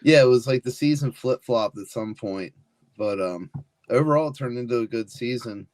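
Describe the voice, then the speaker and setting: A man talking as a podcast guest in a relaxed, halting way. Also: medium pitch, no room sound. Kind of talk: casual chat.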